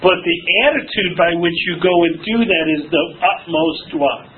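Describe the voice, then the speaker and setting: High-voiced pastor on a tinny line. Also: male voice, moderate pace. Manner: calls for congregation to finish his sentences; preacher cadence with King James quotes. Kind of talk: sermon. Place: church. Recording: phone-like band with faint noise.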